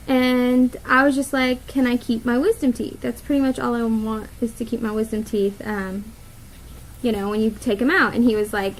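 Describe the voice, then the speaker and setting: A young woman vlogger tells a story to the camera in a casual, chatty way, using lots of fillers, voicing her inner thoughts as quotes, and laughing often. Her voice sits on the high side at a moderate pace, and the recording quality is low.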